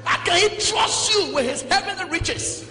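Man, Liberian English accent, pastor preaching, shouted exhortation, long reverb in a big hall. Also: expressive, moderate pace. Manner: preaching, swinging between low talk and shouted exhortation. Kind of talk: sermon. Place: large church hall. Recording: echoey hall, distant mic, music behind.

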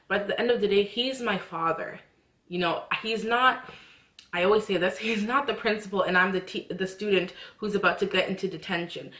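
A young woman who vlogs about faith speaks to the camera casually and earnestly, often restarting her sentences and rising into heartfelt prayers. Her voice is medium-pitched and a bit bright, recorded in an echoey room.

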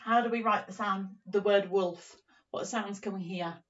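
A woman teaching young children a phonics lesson, speaking in a slow, encouraging, sing-song way and sounding out words. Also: medium pitch, steady tone. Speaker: primary teacher. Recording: dull, slightly distant recording.

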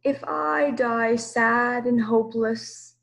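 A woman's voice: a little high, steady tone, gravelly, voice pushed up, heavily acted, poor audio. A woman doing a huge, solemn storybook monster. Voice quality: slow deliberate speech, hushed at times. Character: enormous gentle old monster, solemn and slow.

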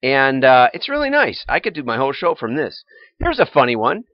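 A man's voice: mid-range voice, wildly swooping pitch, brisk, no echo. An older man hosting a casual livestream, chatting in a rambling way and chuckling often as he goes over news items. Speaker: livestream host. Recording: dull, lo-fi, dry livestream audio.

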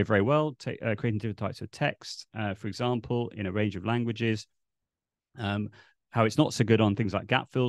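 A man presenting a live online teaching webinar, relaxed and explanatory as he demonstrates on screen, speaking into a desk mic on a video call. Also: on the low side, no room sound, clean studio sound.

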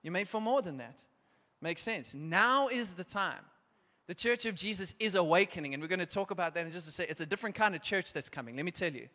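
A man preaching a sermon and leading an altar call, urgent and exhorting, at times dropping to a hushed, prayerful tone. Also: sits high, fast talker. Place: church hall. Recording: long church hall reverb.

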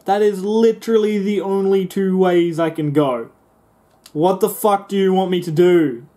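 A man's voice: high voice, a little slow, dark tone. A young man commentating a video game, swearing and grumbling with sarcastic frustration. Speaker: gaming YouTuber. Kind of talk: let's play commentary.

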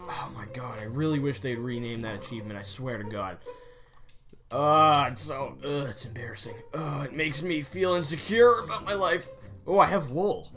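A young man giving casual, excitable commentary while playing a video game, often breaking into mock-angry yelling. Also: mid-range voice, moderate pace, over music. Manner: excitable, yells and mock-rages at game animals. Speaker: gaming YouTuber.

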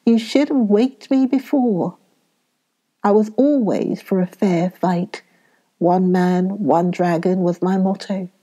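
A woman voicing a sleepy old male knight who talks slowly and drifts into whispers. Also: medium pitch, dark tone. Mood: drowsy. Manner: drowsy, slow, trailing into whispers.

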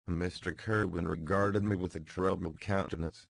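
A man narrates a classic novel in the first person with a deep, low voice and formal, measured phrasing. The recording is dry and close-miked. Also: fairly even intonation, vocal fry, dry recording, low-quality recording. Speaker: audiobook narrator. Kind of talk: scripted narration.

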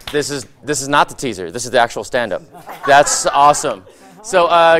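A man doing animated stand-up in a TV studio, laughing between jokes. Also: medium pitch, quick pace, slight background noise. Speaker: stand-up comedian.

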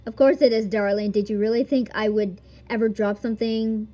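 A woman's voice: fairly high pitch, steady tone, a little fast, dark tone, close to an everyday voice. A woman voicing a vain, scheming older female witch, with a sugary, mocking, theatrical read. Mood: condescending.

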